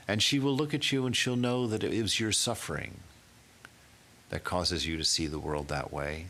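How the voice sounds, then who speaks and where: A swami giving an emphatic sermon, building through rhetorical questions. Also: male voice, low-pitched, normal speed, pushed and bright, a little hiss or hum.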